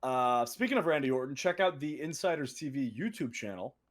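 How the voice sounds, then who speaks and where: A young man co-hosting a casual podcast, telling stories in an animated way with laughs and quoted voices. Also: medium pitch, a little fast. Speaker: co-host.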